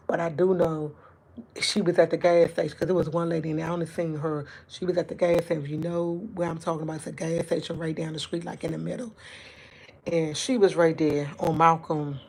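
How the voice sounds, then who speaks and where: A woman with a lower-pitched voice speaking spins a long story to her livestream. She talks casually and swears freely, climbing into exasperated retellings of what she said. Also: a little hiss or hum. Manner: animated, profane, rising to exasperated retellings. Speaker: livestream host.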